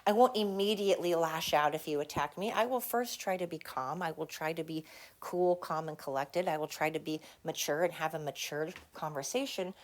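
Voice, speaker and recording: A woman hosting her own podcast, delivering a heated, blunt, profane solo rant with emphatic repetition. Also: fairly low pitch. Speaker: podcast host.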